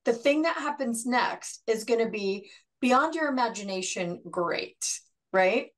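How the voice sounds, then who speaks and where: American woman co-host, somewhat high voice, calm explainer. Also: a little slow. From United States. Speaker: podcast co-host. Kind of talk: casual explaining.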